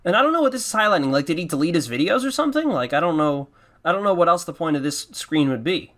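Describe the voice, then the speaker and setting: A man hosting a loose commentary show, rambling and self-mocking, full of swearing. His voice is fairly high and bright, and his pitch jumps around a lot. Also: big pitch swings, quick pace. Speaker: podcast host. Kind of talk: casual commentary on his old videos.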